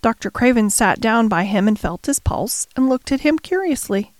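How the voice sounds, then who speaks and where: A woman narrating a classic novel chapter in a measured storytelling manner. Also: on the high side, lively intonation, no echo. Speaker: audiobook narrator. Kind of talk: scripted narration.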